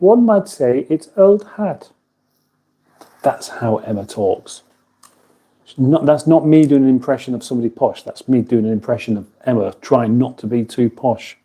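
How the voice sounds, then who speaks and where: A man rambles through a relaxed livestream in his kitchen, talking in a very dark, mellow voice. He chuckles easily, stops to restart his sentences, and reads out viewer comments as he goes. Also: medium pitch. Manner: rambling, chuckling, self-interrupting. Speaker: livestream host. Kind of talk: casual livestream chat reading viewer comments. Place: home kitchen.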